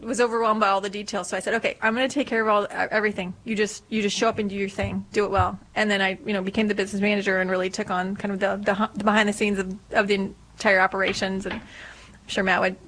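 A woman's voice: medium pitch, flat delivery, quick pace, fairly bright tone, rough recording. Middle-aged woman guest, casual storyteller, talk radio studio. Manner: chatty, storytelling with quoted dialogue.

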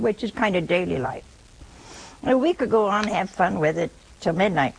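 A woman, a nun, preaching in an unhurried, measured way, her somewhat high voice carrying a soft husky grain. Her pitch rises and falls with lively expression as she talks conversationally, gently teasing and tossing rhetorical questions back at her listeners. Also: poor audio. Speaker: nun giving a spiritual talk. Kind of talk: sermon-like spiritual talk.

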